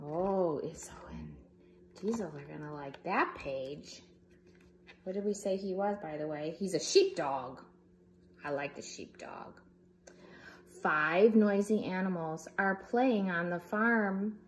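A woman's voice: on the low side, slow, a little hiss or hum. A woman reading a picture book aloud for young children in a playful way, making animal sounds as she goes. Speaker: storybook reader.

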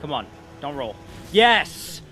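A gaming video creator with a fairly high voice speaks slowly while casually commenting on gameplay. He's profane and excitable, swearing and trash-talking the bosses.

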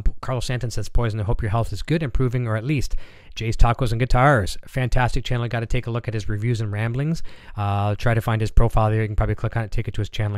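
A man's voice: mid-range voice, darkish tone, clear, resonant tone, no echo. Easygoing man reading live chat. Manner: easygoing, filler-heavy, repeats words. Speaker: host of a live-stream gear show. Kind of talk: casual live-stream chat, reading viewer comments.

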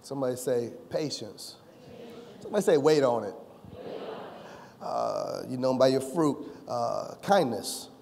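A male pastor preaching a sermon, joking with the congregation and rising to shouts. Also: medium pitch, lively intonation, measured pace, gravelly, pauses often. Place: church sanctuary. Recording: long reverb of a church hall.

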